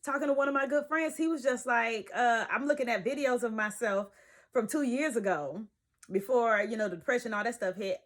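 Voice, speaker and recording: A young woman, vlogging from her bed in an emphatic, preachy way that swings from loud to hushed. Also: on the high side, a little fast. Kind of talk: casual talk to camera. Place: bedroom, sitting in bed.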